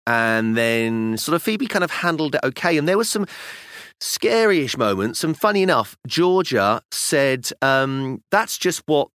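A British man in his thirties or forties co-hosting a casual podcast about fatherhood, telling animated stories about his young daughters. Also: medium pitch, measured pace, smooth, no room sound, clean studio sound. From United Kingdom. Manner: animated storytelling, acting out kids' voices. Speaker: podcast co-host. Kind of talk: casual chat.

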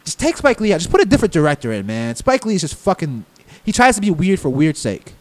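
A man's voice: a little high, huge pitch swings, fast. A man co-hosting a casual podcast, blunt and opinionated, swearing freely. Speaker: podcast co-host. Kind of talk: casual chat. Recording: long reverb on voice.

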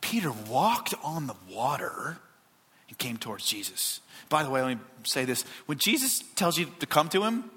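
A male pastor delivering a sermon to his church, swinging from loud emphatic lines to hushed, quiet asides. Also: normal speed, slightly rough, big-room sound. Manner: animated preaching with wide pitch swings and hushed asides.

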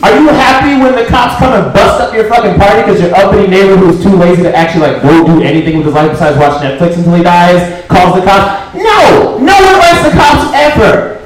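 A man doing a stand-up comedy set on a club stage, swearing freely and breaking into shouts for emphasis. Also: sits high, fast talker, hardly any pauses, a faint crowd. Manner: profane, emphatic, bursts into shouting. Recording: echoey live room.

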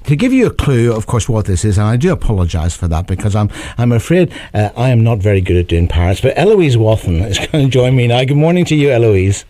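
A man's voice: medium pitch, very animated, fast, few pauses, dark tone. A man hosting a radio breakfast show, chatting casually and chuckling as he interviews a guest.

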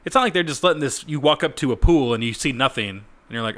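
A man's voice: mid-range voice, animated, fast talker, fairly bright tone. A man in his thirties co-hosting a podcast, making joking, sarcastic asides in casual chat. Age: 30s. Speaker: podcast co-host.

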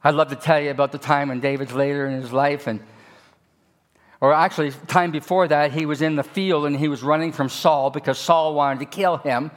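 Male pastor, high voice, animated storyteller, shifts between loud and hushed. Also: a little fast. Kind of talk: sermon.

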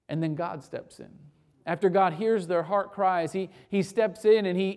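Man, pastor, sermon, emphatic, rhetorical questions, repeated phrases, loud and hushed in turns. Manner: swings from loud urgent peaks to low quiet lines.

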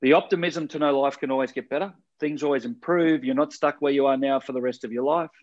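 A man's voice: medium pitch, fairly even intonation, fast, dull audio. A man talking earnestly in a casual podcast chat, rambling with restarts and casual swearing.

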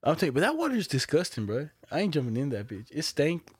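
Ein junger Mann im lockeren Gespräch, der entspannt Geschichten erzählt, oft flucht und lacht. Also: male voice, a little high, huge pitch swings, fast talker, slightly rough, dry recording, clean studio sound. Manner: laid-back storytelling, swears, laughs often. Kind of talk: casual chat.

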